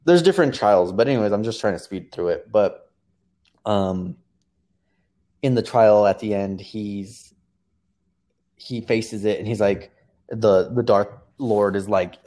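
A man's voice: lowish voice, measured pace, pauses often, dark tone. A young man in casual chat, recapping a show in a rambling way, with many fillers and restarts.

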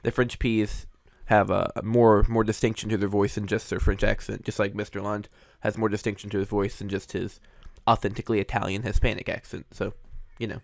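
A man's voice: on the low side, flat delivery, a little fast, gravelly, few pauses, dry recording. A man hosting, giving casual, hedging commentary on cartoon voice recasts, with frequent fillers. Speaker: host reviewing voice recasts.

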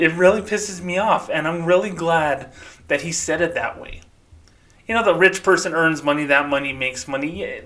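A man's voice: medium pitch, fairly bright tone. A man hosting a solo podcast, ranting heatedly and with profanity. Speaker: podcast host.

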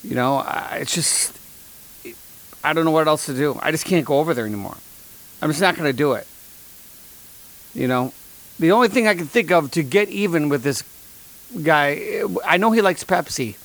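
A man with a fairly high voice delivers a comedic monologue. He rants in a dry, sarcastic, deadpan way and slips into mock sponsor reads. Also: normal speed, pauses often. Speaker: podcast host.

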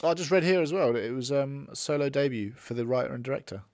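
A man hosting a film review podcast, speaking in a measured, hesitant way with many restarts. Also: medium pitch, a little mellow, no room sound, clean studio sound. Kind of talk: casual chat.

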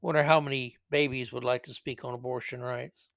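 A man's voice: medium pitch, level tone, brisk, vocal fry, a bit bright, no echo. A man hosting a solo commentary podcast, talking in a rambling way with sarcastic, mocking asides. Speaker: podcast host.

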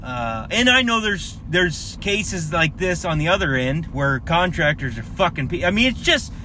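A man's voice: fairly high pitch, big pitch swings, moderate pace, pushed and bright, a little hiss or hum. A man who works as a contractor, telling a story in a heated, profane rant full of swearing and restarts. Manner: rambling, with many fillers and restarts.

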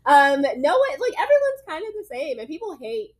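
A woman's voice: high-pitched, sing-song, fairly quick. A woman hosting a casual chat, asking questions with lots of fillers. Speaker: host.

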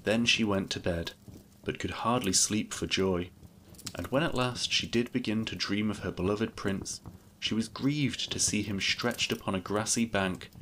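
A man narrating a classic fairy tale in a steady, measured storybook reading. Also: lowish voice, slight background noise.

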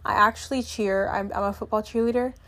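A woman's voice: mid-range voice, steady tone, brisk. A teenage girl vlogging in casual chat, rambling and filler-heavy, often trailing off and restarting her sentences. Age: teens. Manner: self-correcting, trails off and restarts.

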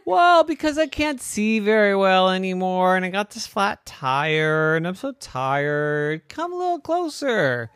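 A man doing a weary, rumbling old grandma car. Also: sing-song, measured pace, few pauses, a bit bright, smooth, no room sound, exaggerated voice. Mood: coaxing. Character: old grandma car, tired, half-blind.

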